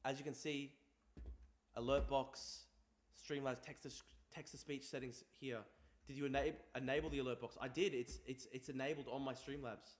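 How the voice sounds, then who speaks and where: A man's voice: medium pitch, steady tone, normal speed. Blunt, swearing streamer man. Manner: blunt, exasperated, swears a lot. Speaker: streamer and show host. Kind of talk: casual livestream talk.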